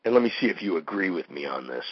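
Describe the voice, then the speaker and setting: A man hosting a show, a pro wrestler ranting in a heated, animated monologue full of "you know" and "man.". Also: sits low, quick pace, highs cut off. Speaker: podcast host, pro wrestler.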